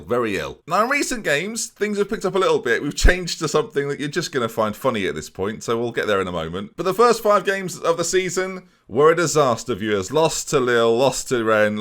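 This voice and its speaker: A man's voice: mid-range voice, fairly bright tone. A young man giving casual, self-mocking commentary on a football management game, often talking to his viewers. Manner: chatty, self-mocking, keeps addressing viewers. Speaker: gaming YouTuber. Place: home room, alarm outside.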